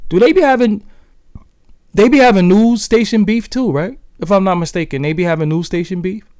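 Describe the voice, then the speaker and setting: This livestream host's voice is high-pitched with a darkish tone, and he talks fairly quickly. With his Brooklyn, New York accent, he chats loosely and profanely, aiming his words straight at the chat, in a studio-quality recording with no room sound.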